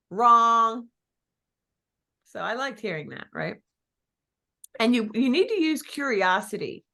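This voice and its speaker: A woman coaching real estate agents in an energetic, chatty way, with many fillers and small restarts. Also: on the low side. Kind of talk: coaching talk to an audience.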